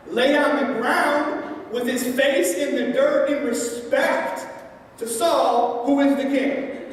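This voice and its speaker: Woman pastor, high voice, chatty storytelling sermon; distant mic, very echoey hall. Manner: conversational storytelling with playful asides. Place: large church hall.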